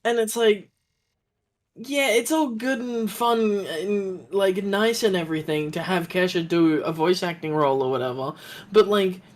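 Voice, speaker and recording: A man's voice: high-pitched, a little slow. An Australian man chatting casually on a game stream, rambling with lots of fillers.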